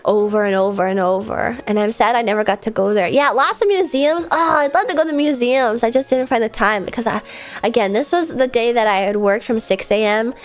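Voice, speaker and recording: A young woman talks through a relaxed stream in a fairly high voice. She rambles from story to story and reads chat messages aloud before answering them. Soft music plays quietly behind her. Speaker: VTuber streamer.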